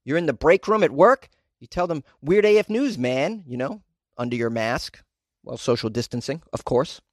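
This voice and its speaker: A man's voice: mid-range voice, lively intonation, normal speed, dry recording, studio quality. A man hosting a podcast, talking in a loose, joking, rambling way with frequent laughs and restarts. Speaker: podcast host. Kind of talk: casual podcast monologue.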